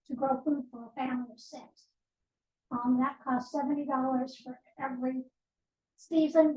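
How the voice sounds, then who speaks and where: A woman with a high voice gives a guest talk at a team meeting. She explains things plainly and adds wry asides. She sounds far from the microphone, in a reverberant office room. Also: darkish tone. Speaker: guest speaker, nonprofit board president. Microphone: distant room microphone.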